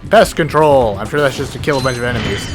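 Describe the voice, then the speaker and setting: A man giving rambling, excitable gameplay commentary as the host of a let's play, often cutting himself off mid-thought and swearing casually. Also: medium pitch, quick pace. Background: game music and sound effects.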